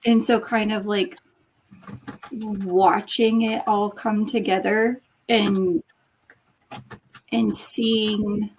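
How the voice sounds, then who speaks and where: A woman in a casual video call chat who speaks haltingly, often repeating herself as she searches for words. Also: mid-range voice, level tone, slight background noise. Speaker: writing group member.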